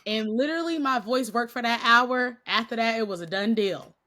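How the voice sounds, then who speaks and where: Brief: woman podcast guest, bright tense tone, slightly stuffy and nasal, lively storyteller who laughs often. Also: a little high, normal speed. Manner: animated, laughing often, acts out quotes. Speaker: podcast guest, Christian coach. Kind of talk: casual storytelling interview.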